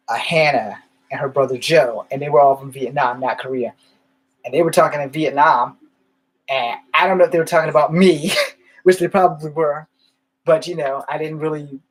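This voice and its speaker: Rambling storytelling man, fairly high voice. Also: poor audio. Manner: rambling, animated when retelling. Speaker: vlogger. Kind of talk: casual storytelling monologue.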